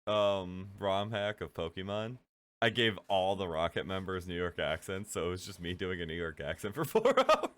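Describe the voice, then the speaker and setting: A man's voice: deep voice, sing-song, moderate pace, a bit bright. A man co-hosting a podcast in casual chat, laid-back and laughing often. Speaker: podcast co-host.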